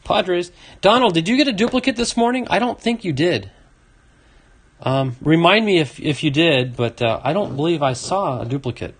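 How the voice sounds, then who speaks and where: A man's voice: a little high, lively intonation, normal speed, breathy edge. A man hosting a casual card-opening video, reading off names and chatting to a viewer. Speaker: card collecting video host. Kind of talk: casual box-opening commentary.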